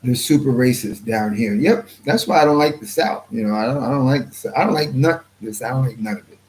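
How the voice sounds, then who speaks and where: A man hosting his own channel, reading viewer comments in a rambling, blunt way and clearing his throat often. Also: mid-range voice, lively intonation, fairly quick, darkish tone, low-quality recording. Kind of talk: casual livestream commentary.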